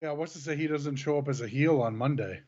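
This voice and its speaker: A man's voice: on the high side, fast, a little mellow, dull audio. A man co-hosting a wrestling review show in casual chat, mostly giving short agreeing replies.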